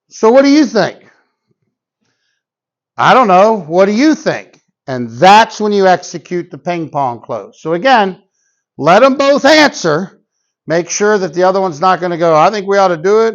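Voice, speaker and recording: A man teaching a sales technique in a folksy, plain-spoken way, acting out the customers' lines. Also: high voice. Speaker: sales trainer. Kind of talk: instructional talk to salespeople. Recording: dull, lo-fi recording.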